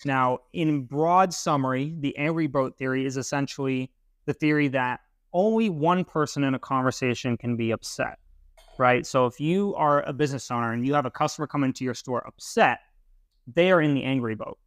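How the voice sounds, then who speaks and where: A man's voice: medium pitch, moderate pace, no room sound, clean studio sound. A young man co-hosting a podcast, explaining ideas emphatically in casual chat, with casual swearing. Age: young adult. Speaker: podcast co-host.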